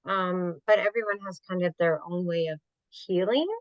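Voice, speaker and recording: A woman guest speaking softly and haltingly in a casual interview, with frequent fillers. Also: fairly low pitch, fairly even intonation, dry recording, highs cut off. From Canada. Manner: soft-spoken, halting, with many fillers. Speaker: podcast guest.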